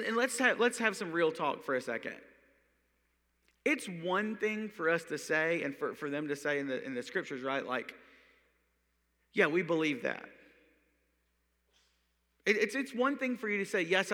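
A man preaching a conversational sermon to a congregation, chatty and animated, acting out quick bits of dialogue as he tells the story. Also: fairly high pitch. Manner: chatty, animated, acts out voices. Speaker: pastor. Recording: long hall reverb.

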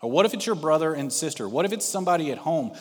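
A man's voice: fairly high pitch, lively intonation, rapid-fire, breathy edge, big-room sound. A male pastor and missionary preaching a sermon, telling a personal story and putting direct questions to the congregation. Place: church sanctuary.

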